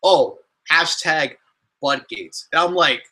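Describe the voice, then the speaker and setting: A young man hosting a casual question-and-answer vlog, talking in an animated, exasperated way with many restarts and fillers. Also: a little high, slow pace. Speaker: YouTuber answering fan questions.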